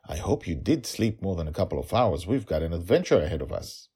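A man's voice: sits low, big pitch swings, brisk, mellow, husky, heavily acted. A man voicing a playful, absent-minded father who teases his daughter. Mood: teasing. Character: goofy forgetful father, teasing.

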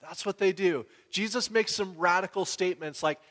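A man preaching a sermon in a casual storytelling way, acting out the people in his stories with lively energy. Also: sits high, moderate pace, hardly any pauses, in a large hall. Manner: conversational storytelling, animated when quoting others. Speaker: pastor.

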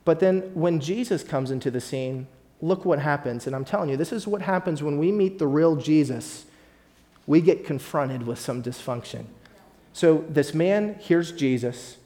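A man's voice: fairly high pitch, moderate pace, warm tone. A man as pastor, preaching a sermon and speaking directly to his congregation with rising emphasis.

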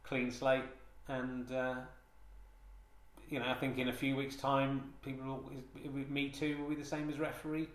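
A man hosting a comedy podcast rambles through a mock-solemn monologue with many hesitations and restarts, in a mid-range voice at a level tone and normal speed. It was recorded on a handheld digital recorder in a roomy, echoey space.

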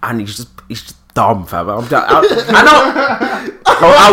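A man's voice: on the high side, huge pitch swings, slow, crowd noise. A man, chatting casually in slangy, exasperated storytelling. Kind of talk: casual chat.

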